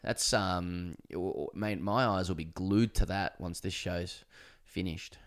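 A man's voice: sits low, unhurried. An Australian man co-hosting a cricket podcast, joking and rambling through chat and playful ad reads. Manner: joking, rambling, mock-grandiose. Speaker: podcast co-host.

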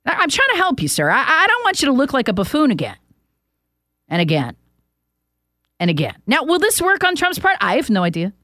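A woman's voice: high-pitched, huge pitch swings, a little fast, long pauses, pushed and bright, no echo, clean studio sound. A woman hosting a talk show, delivering an emphatic, opinionated and mocking political monologue. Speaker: talk radio host.

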